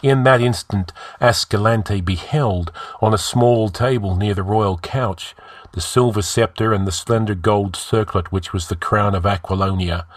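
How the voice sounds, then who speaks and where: A man reading a heroic fantasy story aloud in a measured, dramatic style. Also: lowish voice, no echo. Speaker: story narrator.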